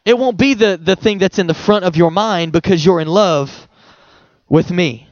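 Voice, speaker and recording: A young man preaching a sermon to a church audience, talking conversationally with rhetorical questions and quick chuckles. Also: high-pitched, dry recording, dull audio. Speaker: pastor.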